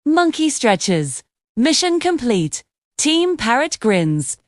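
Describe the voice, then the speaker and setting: A woman narrating a children's cartoon story with expressive, storytelling delivery. Her voice sits a little high and moves lively up and down. The sound is dry and close. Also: takes it slowly, no room sound.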